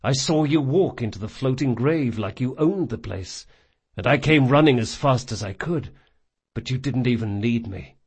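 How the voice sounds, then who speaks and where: A man voicing a big, loyal male thief, swinging between raw shouts and hushed, gentle speech. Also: medium pitch, lively intonation, moderate pace, slightly rough.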